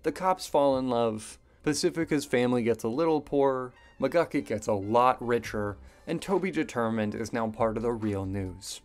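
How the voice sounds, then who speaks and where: A man's voice: mid-range voice, moderate pace, few pauses. A man in his twenties narrating a casual video review with wry, chatty asides. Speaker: YouTube reviewer.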